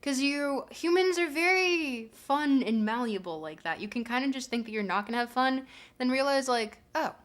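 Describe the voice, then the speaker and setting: Her high voice has a lively intonation and a moderate pace. She's hosting a laid-back livestream, chatting with viewers in a meandering way and filling her thinking-aloud with fillers.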